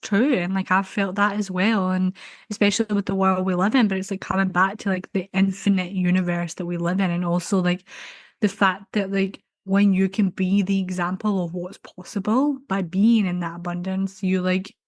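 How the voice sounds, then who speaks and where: A woman's voice: mid-range voice, flat delivery, moderate pace, no echo, studio quality. A young woman co-hosting a podcast in casual chat, talking chattily and filling her sentences with "like". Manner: chatty, heavy use of "like". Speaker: podcast co-host.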